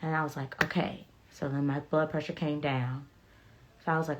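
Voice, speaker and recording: A woman's voice: deep voice, level tone, moderate pace, muffled recording. A woman chatting casually on a phone livestream, telling stories candidly and bluntly with profanity and reading viewer comments aloud. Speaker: beauty vlogger sharing health updates.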